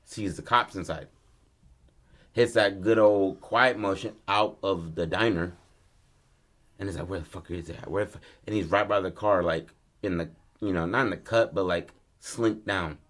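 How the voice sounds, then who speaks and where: A man hosting a podcast, telling a story in a loose, slangy, animated way. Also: low-pitched, measured pace. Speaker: podcast host. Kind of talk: casual storytelling.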